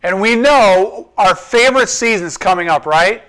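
A pastor preaching a conversational sermon, asking his listeners rhetorical questions and slowing down to stress key points. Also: high voice, expressive, sharp tone, clear, resonant tone. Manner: asks the congregation rhetorical questions, slows down for emphasis.

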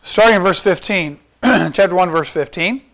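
A pastor preaching a conversational sermon, asking his listeners rhetorical questions and slowing down to stress key points. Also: high-pitched, fairly bright tone. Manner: asks the congregation rhetorical questions, slows down for emphasis.

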